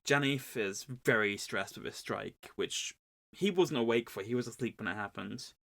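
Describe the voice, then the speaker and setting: Male podcast co-host, wry deadpan recapper. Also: mid-range voice, moderate pace, gravelly. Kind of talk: casual book recap.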